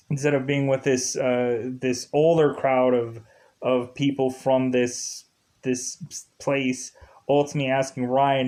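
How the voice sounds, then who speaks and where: A man's voice: medium pitch, a little mellow. A man casually recapping a TV episode in a rambling way, repeating filler words and chuckling often. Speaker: TV show reviewer. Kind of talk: casual commentary.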